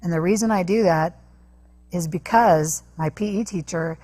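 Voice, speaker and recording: A woman guest on an interview show, telling a personal story earnestly, with halting restarts. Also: lowish voice, warm tone. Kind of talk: personal testimony in a talk interview.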